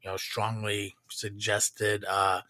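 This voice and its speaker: A man's voice: lowish voice, completely flat delivery, slow pace, bright, forceful tone, no room sound. Man, casual live podcast chat, rambling, swearing, filler-heavy, dry recording. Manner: rambling, profane, many fillers. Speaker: podcast co-host.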